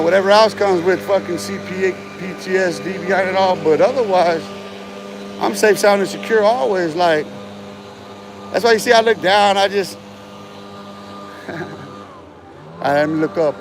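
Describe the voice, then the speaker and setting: A man's voice: sits high, background noise. A man talking on a livestream in a rambling, profane, boastful way, laughing between remarks and often trailing off and restarting. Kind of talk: rambling casual livestream talk.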